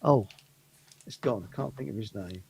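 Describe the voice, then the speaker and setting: A man hosting a casual chat, chatty and given to laughter, often pausing to search for names. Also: fairly low pitch, creaky, crowd noise. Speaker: host.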